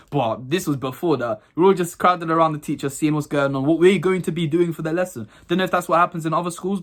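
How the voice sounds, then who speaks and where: A young man telling school stories to camera in a casual, animated way, laughing as he goes. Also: on the high side. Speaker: vlogger.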